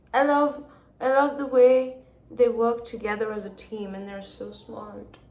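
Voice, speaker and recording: A young woman reacting emotionally to a book in a casual reading vlog, going from hushed gushing to loud exasperation. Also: on the high side, vocal fry. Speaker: book vlogger. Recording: echoey room.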